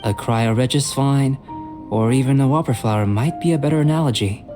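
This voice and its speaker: A man voicing a calm, composed young alchemist in a video game, measured and gently lecturing. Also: mid-range voice, close to an everyday voice. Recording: game audio with clear music behind. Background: game music.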